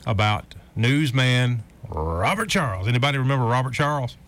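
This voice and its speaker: A man's voice: medium pitch, expressive, moderate pace, fairly bright tone. A man hosting a casual radio talk show, telling folksy anecdotes with plenty of fillers. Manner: storytelling, folksy, trails off with fillers.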